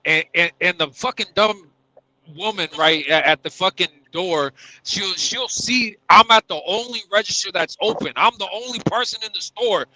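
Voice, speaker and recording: High, bright-voiced storytelling man. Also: dry recording, low-quality recording. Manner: animated, profane storytelling. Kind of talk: casual chat.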